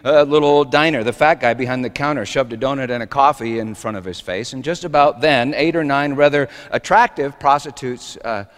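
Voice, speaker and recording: A man's voice: mid-range voice, a little fast, few pauses. A male pastor preaching a sermon, telling stories in an earnest way. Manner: storytelling, earnest. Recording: long hall reverb.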